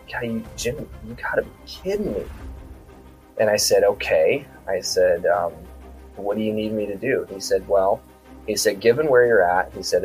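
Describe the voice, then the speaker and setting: Man from South Dakota, deep voice, casual podcast guest, rambling anecdote, faint music underneath. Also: darkish tone, poor audio. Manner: rambling retelling full of quoted dialogue and repeated "I said". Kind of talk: casual storytelling.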